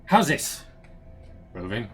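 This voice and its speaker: A man's voice: medium pitch, big pitch swings, slow pace, fairly bright tone, faint music behind. A man voicing a cruel male pirate captain who sneers and taunts his captive. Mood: menacing. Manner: sneering, mocking threats.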